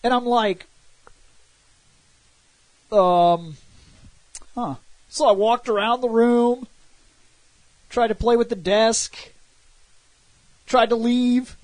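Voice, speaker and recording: A man's voice: very high-pitched, extremely slow, pauses often, no echo. A man co-hosting a casual gaming podcast, telling stories with acted-out quotes and plenty of swearing. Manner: animated storytelling, acts out quotes, swears freely. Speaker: podcast co-host.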